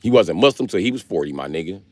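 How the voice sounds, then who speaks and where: A man's voice: sits low, lively intonation, fast, a little mellow, no echo. A man giving a profane, rambling, joking rant on a casual livestream, talking outdoors in public.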